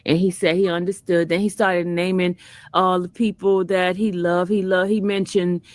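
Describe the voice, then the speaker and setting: A woman's voice: lowish voice, flat delivery, normal speed, dry recording. A woman trial vlogger casually telling a story to her viewers, chatty and often laughing, calling them y'all.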